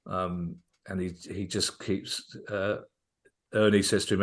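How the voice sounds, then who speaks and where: A man's voice: deep voice, flat delivery, a little slow. A man on a podcast as guest comedian, telling a long, enthusiastic anecdote and often restarting his sentences. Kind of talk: casual podcast storytelling.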